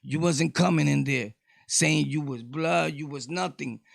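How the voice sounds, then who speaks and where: A middle-aged man with a New York accent, ranting casually to his viewers, loud one moment and low the next. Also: unhurried, vocal fry, no room sound, clean studio sound. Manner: loud, shifting between shouting and low talk. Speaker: vlogger. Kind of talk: casual rant to camera.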